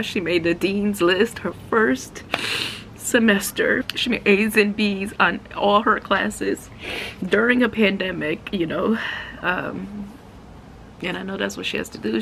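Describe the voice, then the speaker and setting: A woman's voice: mid-range voice, vocal fry, fairly bright tone, slight background noise. A woman in her forties talking casually and emotionally to her viewers in a home vlog, often saying "y'all". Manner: emotional, talks straight to viewers with southern "y'all". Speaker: vlogger.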